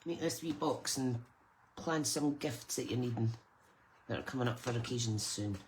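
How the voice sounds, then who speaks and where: A woman's voice: extremely low pitch, moderate pace, a little mellow, slight background noise. A Scottish woman hosting a live crafting stream, chatting casually and greeting viewers by name as she works. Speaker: crafting channel host.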